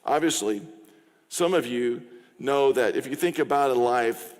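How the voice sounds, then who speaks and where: A middle-aged pastor preaches a sermon conversationally in a church sanctuary, acting out short quoted exchanges. His medium-pitched voice is unhurried with a darkish tone, carried by the long reverb of the church hall.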